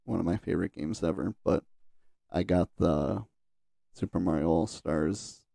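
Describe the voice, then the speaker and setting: A man's voice: low-pitched, a little slow, creaky, dark tone, no echo, clean studio sound. A man co-hosting a casual podcast, laid-back, often answering with short agreeing replies. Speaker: podcast co-host. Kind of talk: casual chat.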